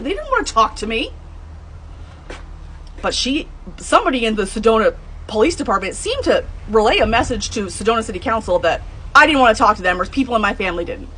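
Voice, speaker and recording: Woman, thirties or older, first-person vlogger, blunt and heated, voice sits a touch high, faint room noise. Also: sing-song, a little fast, fairly bright tone, rough recording. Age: adult, over 30. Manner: blunt and heated, swears, rises to high outbursts. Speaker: true crime vlogger telling her mother's case. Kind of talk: emotional first-person storytelling.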